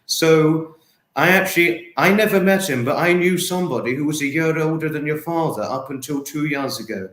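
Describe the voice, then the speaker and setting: A young man hosts a casual livestream chat, his voice sitting a touch high and ringing around an echoey room. He reads out viewer comments and heaps effusive praise on his guests. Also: normal speed, fairly bright tone. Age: young adult. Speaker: livestream host.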